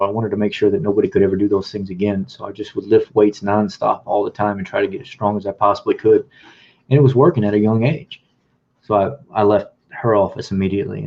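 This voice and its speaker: This vlogger's lowish voice has vocal fry and a breathy edge as he meanders through his own life story, playing out the dialogue he recalls. The recording sounds dull and lo-fi.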